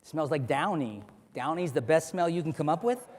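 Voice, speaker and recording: A man working as a stage hypnotist, giving rapid, repetitive suggestions and playfully commanding volunteers in front of an audience. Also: fairly high pitch, animated, a little mellow, slight background noise. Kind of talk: live hypnosis stage show. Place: large hall before an audience. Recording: echoey hall, live stage.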